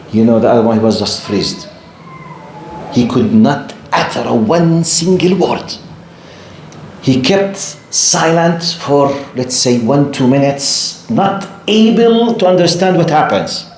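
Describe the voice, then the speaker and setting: Lively male lecturer in an echoey room. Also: mid-range voice, unhurried, slight background noise. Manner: animated storyteller, asks the audience questions. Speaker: Islamic lecturer. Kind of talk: storytelling lecture to a live class.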